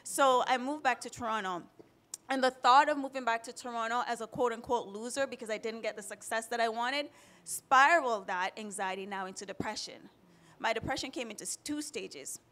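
Speaking briskly in a slightly high, somewhat bright voice, a woman in her thirties from Jamaica gives personal testimony on a panel. She is frank and emotional, sometimes close to crying.

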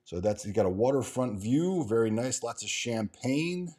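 A man's voice: medium pitch, expressive, normal speed, dark tone. A man hosting a stock market show, reading news items and quotes aloud and breaking off with casual asides, restarts and fillers. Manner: reads quotes aloud then adds offhand remarks, many restarts and fillers. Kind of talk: casual commentary reading from articles and market screens.

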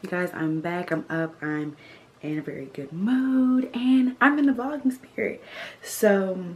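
A woman's voice: medium pitch, a little mellow. A young woman chatting casually to camera in a car, upbeat and chatty. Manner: chatty and upbeat, drawn-out repeats. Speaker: vlogger. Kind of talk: casual vlog chat to camera.

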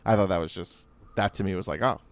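A man's voice: sits low, fast talker. A man hosting a podcast, chatting casually about history with frequent laughs and restarts. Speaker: podcast host.

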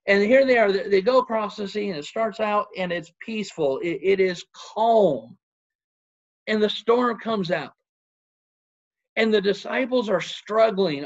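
A man's voice: sits high, dull audio. A man preaching a sermon in an earnest manner, asking rhetorical questions and citing scripture.

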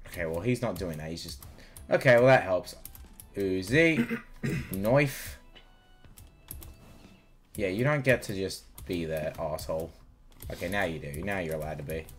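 A man's voice: low-pitched, animated, unhurried, pauses often, soft background music. A man streaming a video game, sweary and salty, muttering to himself as he plays. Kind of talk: casual let's play banter.

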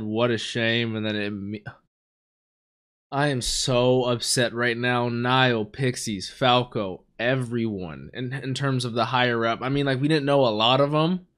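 A man reacting live to an anime episode, swinging between hushed dismay and loud excited outbursts. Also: medium pitch, unhurried. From United States.

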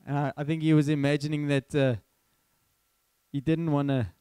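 A man preaching, his voice sitting a little high for a man. He tells his story in a lively way and acts out his own dialogue. The sound is dry and close, with no room echo. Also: moderate pace, clear, resonant tone. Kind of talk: sermon.

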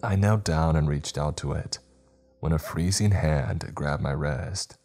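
Deep deep voice guy reading a scary story, calm and measured. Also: soft background music. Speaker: horror story narrator. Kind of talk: scripted narration.

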